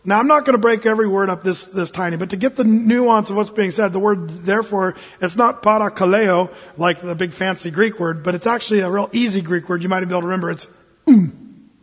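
A man's voice: sits high, a little fast, fairly bright tone, breathy edge. A man preaching a sermon as pastor, earnest and emphatic, often asking his listeners questions. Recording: dull sound with long hall reverb.

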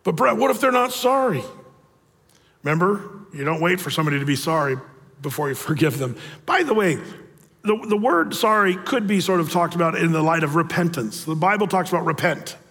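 A man's voice: a little high, a little fast, a bit bright. A man in his sixties, a pastor, preaching a sermon in a conversational storytelling manner. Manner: conversational, storytelling, acts out quotes. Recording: long reverb of a large hall.

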